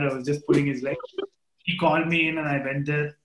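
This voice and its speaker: A lively storyteller, this man speaks Indian English with a slightly high voice. He talks casually and swears freely as he acts out bits of talk, and the room gives his voice an echo. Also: moderate pace. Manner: animated storytelling, swears casually, quotes others. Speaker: interview guest, film director. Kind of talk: casual video chat.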